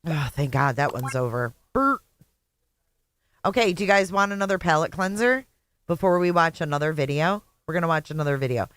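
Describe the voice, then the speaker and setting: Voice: medium pitch, animated, fairly quick, fairly bright tone, smooth. A middle-aged host from Indiana giving live reaction commentary on a stream, blunt, profane and sarcastic. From Indiana, USA. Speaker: channel host.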